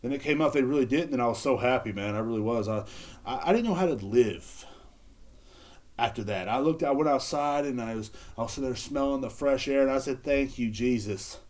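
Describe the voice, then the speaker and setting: A man's voice: medium pitch, brisk, darkish tone. A young adult man hosting a solo podcast, ranting in a sarcastic, profane, rambling way with many restarts. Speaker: podcast host. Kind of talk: casual solo rant.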